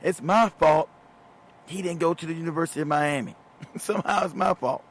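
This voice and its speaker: A man's voice: a little high, brisk. A middle-aged man hosting a talk show, telling a story casually, often laughing, swearing and repeating words. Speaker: show host.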